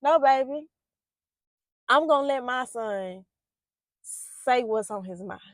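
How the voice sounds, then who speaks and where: A woman's voice: high-pitched, expressive, slow pace, no room sound. A woman giving a heartfelt reflective monologue about parenting. She speaks loosely, with many fillers and restarts, and turns emphatic when she drives a point home. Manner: grows emphatic and loud when making her points. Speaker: poet and parenting vlogger.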